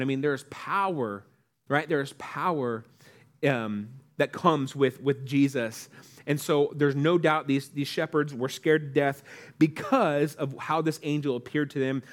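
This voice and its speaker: Man, pastor, sermon, conversational, slightly high voice. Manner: conversational, asks the congregation questions, acts out quotes.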